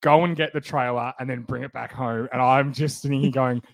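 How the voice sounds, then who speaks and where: A young Australian man chatting on a podcast, with wry, deadpan remarks. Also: medium pitch, brisk, creaky, no room sound, poor audio. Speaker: podcast co-host. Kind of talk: casual chat.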